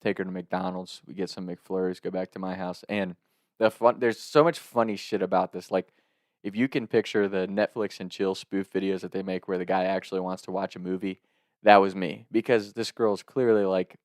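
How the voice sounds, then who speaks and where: A man telling a funny personal story in a casual, animated way, laughing often and swearing freely. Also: low voice, normal speed, dry recording, studio quality.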